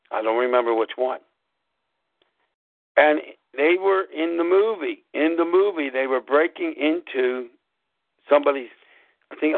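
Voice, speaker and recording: A man hosting a show, telling a personal story in a slow, deliberate way and spelling things out letter by letter. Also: medium pitch, creaky, no echo. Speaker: podcast host. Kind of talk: casual storytelling monologue. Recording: tinny phone-like line, dry.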